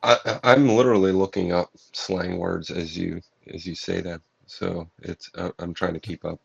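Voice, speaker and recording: Man, hesitant, casual chat, very deep, gravelly, dry dull sound. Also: fairly even intonation, normal speed, no room sound.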